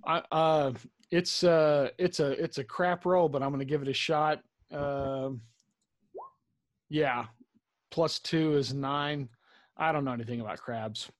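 A man's voice: fairly high pitch, steady tone, unhurried, no echo, clean studio sound. A man playing a tabletop role-playing game, talking casually and hesitating as he decides his moves. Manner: hesitant, restarting sentences. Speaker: player.

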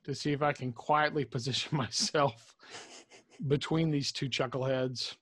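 A man's voice: mid-range voice, steady tone, a little slow, a bit bright, no echo, studio quality. A man playing a tabletop role-playing game, talking casually and hesitating as he decides his moves. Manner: hesitant, restarting sentences. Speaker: player.

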